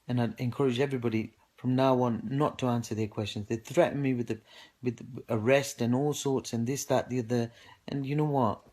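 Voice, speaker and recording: A man's voice: mid-range voice, steady tone, brisk, a little mellow. A man with a British English accent giving an aggrieved personal account to camera, indignantly recounting events and quoting himself with repeated "I go". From United Kingdom. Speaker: man speaking out on social media.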